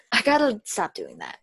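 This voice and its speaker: A woman's voice: a little high, gravelly, a bit bright, husky, dry recording. A young woman co-hosting a casual podcast chat over a video call, chatty and laughing often. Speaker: podcast co-host. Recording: crunchy video call audio.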